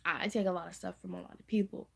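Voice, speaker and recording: A woman's voice: fairly low pitch, fairly even intonation, rapid-fire, vocal fry. A teenage girl telling a storytime to camera in a chatty, slangy way, repeating her phrases. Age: teens. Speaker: storytime vlogger. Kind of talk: casual storytime vlog.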